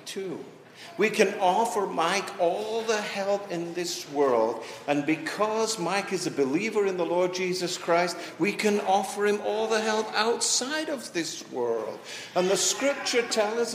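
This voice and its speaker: A man preaching a sermon as pastor in a church, reading scripture and telling a story with slow, deliberate pauses. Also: sits high, a little hiss or hum. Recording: echoey church from a distance.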